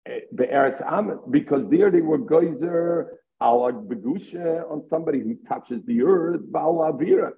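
A man's voice: fairly high pitch, moderate pace, creaky, few pauses. A man giving a Talmud lesson, explaining step by step and weaving Hebrew and Aramaic terms into his English. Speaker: Talmud teacher. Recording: tinny phone-line audio.

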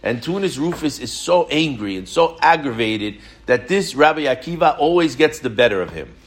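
A man teaching a Torah class, telling stories in an animated way and asking many rhetorical questions. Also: on the high side, moderate pace.

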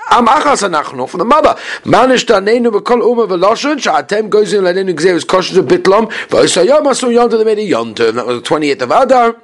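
Man, Talmud class, lively swooping intonation, slightly high voice, reads text then explains. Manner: chants Aramaic text then explains in English, questions and answers himself. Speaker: Talmud teacher.

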